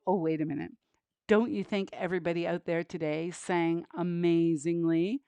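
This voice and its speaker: A woman hosting a children's show, warm and encouraging as she cheers on the young viewers. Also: mid-range voice, lively intonation, normal speed, no echo. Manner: warm, encouraging, upbeat with kids. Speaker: children's entertainer host.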